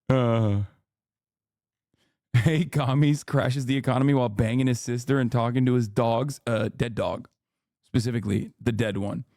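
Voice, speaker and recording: A man's voice: medium pitch, fairly even intonation, unhurried, pauses often, warm tone, no echo, studio quality. Sarcastic man riffing on stream. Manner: joking, sarcastic, rambling with many "like"s. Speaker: streamer reacting to a debate clip. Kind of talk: casual live-stream commentary.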